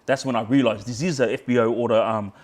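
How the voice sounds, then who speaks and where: A man's voice: mid-range voice, steady tone, quick pace. Australian man recounting a tense run-in, blunt and fired up, heavy slang and swearing. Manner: heated, swears a lot, re-enacts shouting in quotes; frequent fillers like yeah, bro, friggin'. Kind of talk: casual storytelling.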